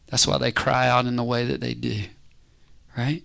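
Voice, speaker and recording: A man preaching a casual, conversational sermon, animated and constantly checking in with his listeners. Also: medium pitch, normal speed, vocal fry. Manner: animated, conversational, keeps asking "right?".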